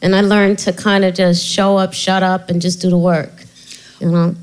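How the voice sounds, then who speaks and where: A middle-aged woman author of Puerto Rican heritage, speaking in a lowish, clean-toned voice at a moderate pace, tells her life story as a guest in a candid interview. She's an animated storyteller who laughs often and restarts a lot, though the recording quality is low.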